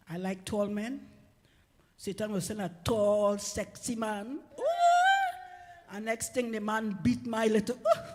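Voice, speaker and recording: A woman's voice: medium pitch, darkish tone, a little hiss or hum. A woman giving a humorous personal testimony at church, laughing often as she tells it and then exhorting her listeners. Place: church hall. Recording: long reverb of a church hall.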